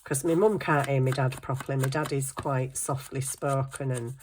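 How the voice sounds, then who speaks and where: A woman's voice: rumbling low, steady tone, moderate pace, noisy background. A middle-aged woman, telling stories in casual chat and laughing often. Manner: chatty storytelling, laughing often. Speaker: craft vlogger.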